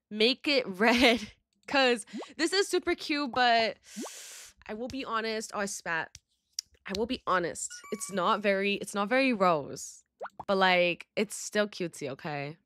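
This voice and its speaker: A woman's voice: fairly high pitch, a bit bright, no echo. Bubbly young woman gaming YouTuber. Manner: bubbly, dramatic, slangy, sudden squeals. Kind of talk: casual gaming commentary.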